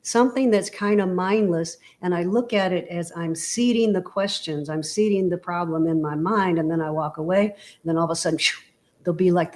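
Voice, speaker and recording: A woman with a somewhat low voice talks through her ideas in a relaxed, conversational way. She leans on everyday analogies and keeps asking whether her listener follows, with plenty of "you know" and "right?". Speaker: interview guest, author. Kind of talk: casual motivational conversation.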